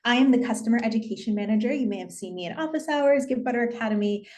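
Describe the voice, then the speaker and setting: A woman's voice: on the high side, fast talker, darkish tone. A woman working as a customer education manager, introducing herself on a webinar in an upbeat, friendly way over a video call.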